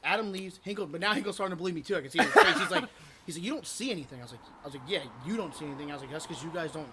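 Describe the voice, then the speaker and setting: A young man co-hosting a podcast, tipsy, telling a prank story with loud laughs, swearing and acted-out quotes. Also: on the high side, very animated, racing, a loud crowd. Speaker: podcast co-host. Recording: noisy home recording.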